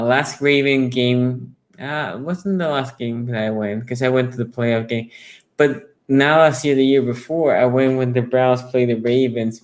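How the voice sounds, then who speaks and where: Excitable rambling sports talk host, a man. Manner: rambling and restarting, then bursting into high excited storytelling; reads viewer comments aloud and answers them. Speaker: sports talk show host taking callers. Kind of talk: casual fan chat on a sports show.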